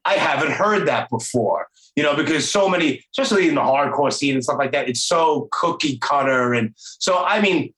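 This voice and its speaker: A man's voice: fairly high pitch, expressive, moderate pace, few pauses, a bit bright, reverberant, poor audio. A middle-aged man with a New York accent, hosting a podcast in loose, rambling chat over a video call. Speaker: podcast host. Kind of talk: casual interview chat.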